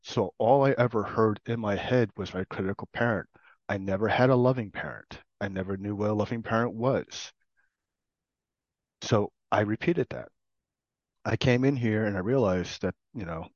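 Middle-aged man, low voice, reflective recovery testimony in halting phrases; dry, slightly muffled sound. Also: dry recording. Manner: earnest, reflective, speaks in short halting phrases. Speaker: program participant sharing his story. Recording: dull, dry recording.

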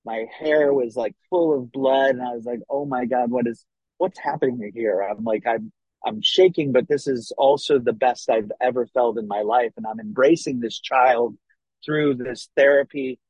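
A man telling his own recovery story in an earnest, halting way, often restarting his sentences. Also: mid-range voice, a little mellow, slightly rough, no room sound. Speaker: person sharing a recovery story. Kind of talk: personal testimony. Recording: dull, dry lo-fi recording.

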